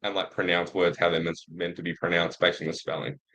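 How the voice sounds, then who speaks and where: A man's voice: deep voice, level tone, fast, fairly bright tone, rough recording. A young Australian man cohosting a betting show, talking in an easygoing, hesitant way with lots of fillers. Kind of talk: casual betting chat.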